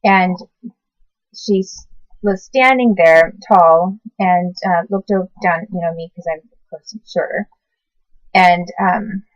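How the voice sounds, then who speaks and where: A woman in her forties recalling the past in a casual, halting way, often stopping to correct herself and search for words. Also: on the low side, dry recording. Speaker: recalling past babysitting work. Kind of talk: casual personal recollection to camera. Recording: dull lo-fi sound.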